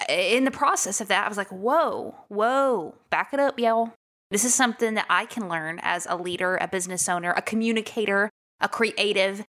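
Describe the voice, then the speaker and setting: Texan lady hosting her podcast, lively and punchy, talks right at you, crisp bright tone. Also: mid-range voice. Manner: energetic and emphatic, talks straight to listeners. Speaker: podcast host. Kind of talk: casual solo podcast monologue.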